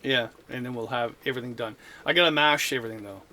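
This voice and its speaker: A man's voice: medium pitch, fast talker, bright, forceful tone. A middle-aged man chatting casually and joking while he cooks at camp. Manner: easygoing, jokey, chatty while cooking. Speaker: camping vlog host. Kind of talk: casual cooking vlog chat. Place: heated winter tent outdoors. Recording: noisy outdoor camp audio.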